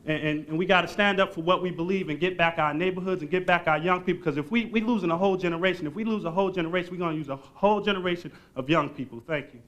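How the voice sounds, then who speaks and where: A man's voice: sits high, rapid-fire, few pauses, a bit bright, a little hiss or hum. A man with a New Jersey accent giving an impassioned public comment, stumbling and repeating as he presses on. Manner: fervent, stumbling repetitions.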